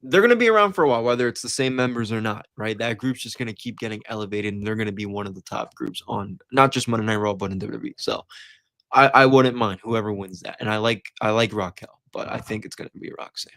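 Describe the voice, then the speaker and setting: A man's voice: lowish voice, fast, a bit bright, dry recording, clean studio sound. A man co-hosting a casual podcast, hesitant and often trailing into "I don't know". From USA. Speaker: co-host. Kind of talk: casual wrestling podcast chat.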